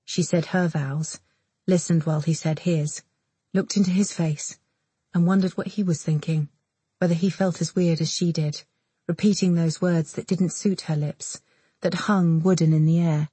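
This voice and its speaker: A woman reads an audiobook in a measured, intimate way. Her voice is low and husky, recorded dry and close. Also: steady tone, mellow, dry recording. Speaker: audiobook narrator. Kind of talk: scripted narration.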